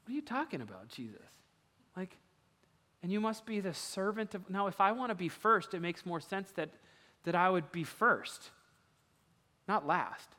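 A man preaching a sermon in a casual, conversational way, dropping to a hush and then rising loud with excitement. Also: high-pitched, normal speed, pauses often. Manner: animated, conversational, swings from hushed to loud. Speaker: pastor. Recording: reverberant hall.

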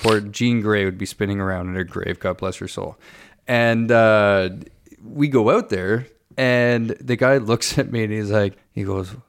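The speaker, a Canadian co-host in his thirties, has a lowish, creaky voice that is still clear and resonant, delivered at a measured pace. His casual storytelling covers a long trip anecdote, with rambling tangents and frequent self-corrections.

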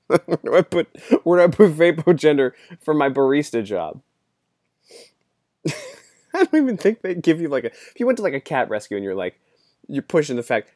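A man's voice: a little high, sing-song, fairly quick, a little mellow, no room sound, clean studio sound. A man delivering a rambling, sarcastic political opinion monologue, laughing often as he mocks. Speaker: political commentator.

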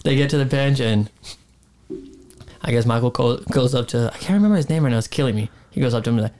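A man's voice: medium pitch, quick pace. A man co-hosting a casual sports chat, telling stories animatedly and acting out quotes. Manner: animated storyteller, acts out quotes. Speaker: podcast co-host.

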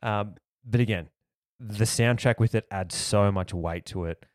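An Australian man on a podcast, rambling casually with plenty of "like" and "you know". His voice sits fairly low and the sound is dry and close. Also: measured pace, no room sound. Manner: rambling, lots of likes and you-knows. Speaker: podcast host. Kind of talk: casual chat.

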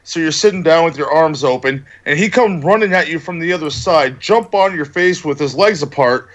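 Joking guy, kinda high voice, casual podcast banter with crude one-liners. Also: moderate pace. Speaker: podcast co-host. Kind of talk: casual chat.

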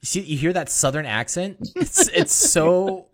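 A man's voice: high voice, wildly swooping pitch, measured pace. A young man hosting a casual gaming podcast, upbeat and playful, laughing often as he teases his co-hosts. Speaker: podcast host.

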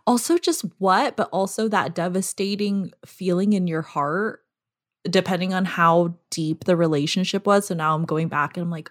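A woman co-hosting a podcast in casual chat. She talks reflectively and thinks aloud, with pauses. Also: on the low side. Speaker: podcast co-host.

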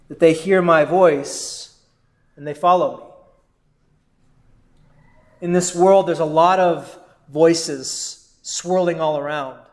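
A man preaching a sermon as a pastor, in a measured way with deliberate pauses. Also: fairly high pitch.

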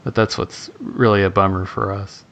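A man's voice: fairly low pitch, steady tone, moderate pace, fairly bright tone. A man from Tennessee, co-hosting a podcast in casual chat, rambling with lots of fillers. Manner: rambling, hesitant with many fillers. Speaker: podcast co-host.

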